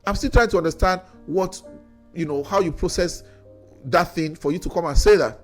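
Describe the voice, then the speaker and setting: Nigerian guy ranting on a talk video, quick and high, soft music underneath. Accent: Nigerian English. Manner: critical, addressing an official directly with rhetorical questions; repeats words when worked up. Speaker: commentator. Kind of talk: opinion monologue.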